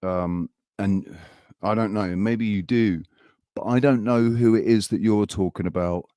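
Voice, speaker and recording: Low-ish guy on a live stream, sweary and worked up, stops and starts a lot, dry sound. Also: fairly even intonation, mellow, no room sound. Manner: heated, profane, halting ranting. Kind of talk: casual live-stream chat.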